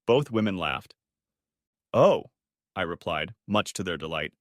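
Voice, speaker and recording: A man's voice: sits low, normal speed, fairly bright tone, no room sound, studio quality. A man narrating a first-person story audiobook in a wry, conversational way.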